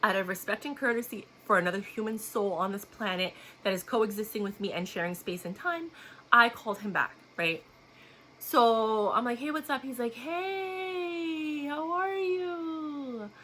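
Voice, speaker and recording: A blunt, outspoken woman vlogger chats straight to her viewers with a bright, forceful voice. She talks in a loose, casual storytelling way and laughs often. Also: medium pitch, moderate pace, slight background noise.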